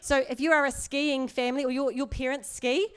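A woman's voice: high-pitched, fairly even intonation, fairly quick, clean tone. A middle-aged woman preaching in a chatty, earnest way, with asides and laughs. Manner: conversational, earnest, laughs often, many asides. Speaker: church speaker. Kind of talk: sermon.

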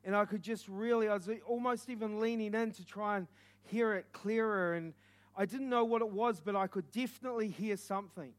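A man, an evangelist, telling an earnest and intense testimony as a sermon, building from quiet reflection to loud urgency. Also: high-pitched, brisk. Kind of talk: preaching testimony.

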